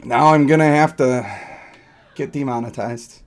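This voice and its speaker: A man's voice: medium pitch, steady tone, unhurried, a little hiss or hum. A man streaming a video game, chatting casually in a rambling, joking, self-deprecating way. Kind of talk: casual live-stream chat over gameplay.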